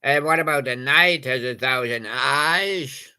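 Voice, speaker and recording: A man's voice: medium pitch, a little slow, bright, forceful tone, clear, resonant tone. A man, possibly older, doing playful, punning oldies radio patter and breaking into snatches of old songs. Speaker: radio presenter.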